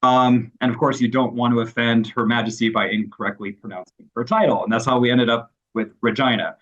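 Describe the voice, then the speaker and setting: Man, interview clip, relaxed conversational explaining, slightly dull audio. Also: medium pitch, brisk. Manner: relaxed, uses fillers like um. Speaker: interviewed expert. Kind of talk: interview answers.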